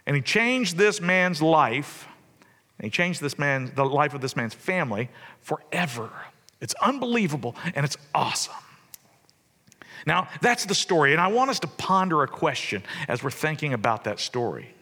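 A man preaching a sermon, telling the story conversationally and swinging between loud and soft. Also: on the high side, very animated, moderate pace. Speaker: pastor. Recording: long reverb of a church hall.

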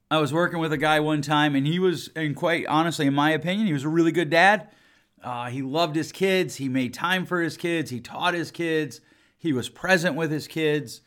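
A man in his forties, a family therapist who hosts a podcast, talks casually but emphatically and bluntly. His voice is on the high side with a fairly bright tone.

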